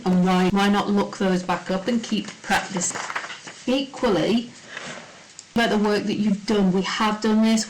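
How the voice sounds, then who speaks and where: A woman's voice: medium pitch, poor audio. Woman teacher talking through test answers. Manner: explanatory, breaks sentences into small steps. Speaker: French teacher. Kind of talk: recorded lesson going over a test. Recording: faint hiss.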